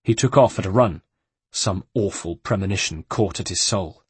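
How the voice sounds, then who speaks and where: A man reading a novel aloud as an audiobook narrator, in a steady measured way. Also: sits low, husky, no echo.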